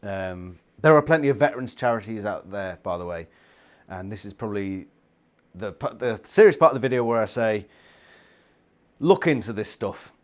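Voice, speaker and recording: A man's voice: lowish voice, animated, brisk, clean tone. A young man giving a casual book review, ranting and swearing constantly in exasperation.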